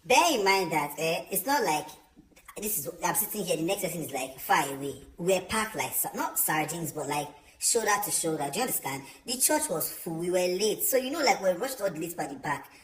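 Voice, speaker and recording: A young man telling a storytime vlog, chatty and animated, with many fillers. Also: high voice, fairly quick. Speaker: vlogger. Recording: roomy echo.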